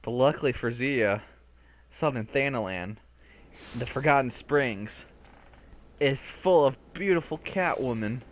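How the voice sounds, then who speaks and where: A man co-hosting a let's play video, talking about the game in an excitable, playful way. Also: medium pitch, a little slow, pauses often. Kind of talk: casual gaming commentary.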